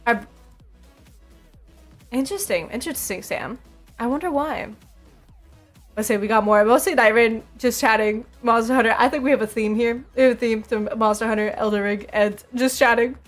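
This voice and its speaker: A woman's voice: on the high side, steady tone, fairly quick, hardly any pauses, soft background music. A young woman streaming, chatting casually with her viewers, laughing often and repeating herself.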